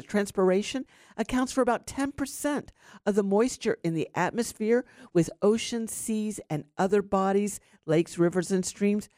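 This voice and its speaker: A woman's voice: mid-range voice, darkish tone, dry recording, studio quality. A woman hosting a syndicated radio gardening show, chatting casually with many fillers and explaining plant science. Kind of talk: casual radio talk with call-ins. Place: radio studio.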